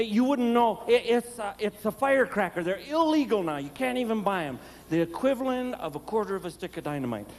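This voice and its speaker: Middle-aged comedian with a high-pitched voice, live on stage. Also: male voice. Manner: animated storyteller who shrieks in panic and growls in character voices. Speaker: stand-up comedian. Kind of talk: stand-up comedy set. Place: large theater with a live audience. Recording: live stage recording with long reverb and audience noise.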